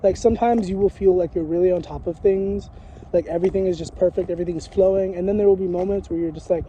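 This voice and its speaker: A man's voice: high-pitched, steady tone, fast, warm tone, muffled recording, slight background noise. A man talking candidly and at length in a casual walking vlog, rambling with lots of fillers and frequent swearing, recorded outdoors on a street. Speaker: vlogger.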